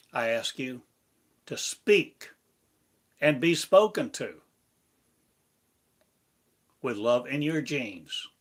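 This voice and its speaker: A man giving a meditative spiritual lesson, speaking in slow, repetitive, incantatory phrases. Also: mid-range voice, fairly bright tone. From United States. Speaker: spiritual teacher.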